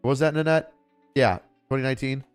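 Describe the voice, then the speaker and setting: A man's voice: mid-range voice, fairly even intonation, a little fast, smooth. Sarcastic ranting man with music behind. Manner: exasperated, sarcastic ranting with frequent filler words and swearing. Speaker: streamer reacting to a comedy special. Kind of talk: casual reaction commentary.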